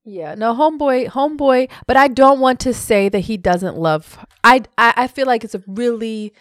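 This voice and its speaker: Animated woman co-host, dry sound. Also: fairly high pitch, normal speed, dry recording. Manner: animated, musing, jokey. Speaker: podcast co-host. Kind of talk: casual chat.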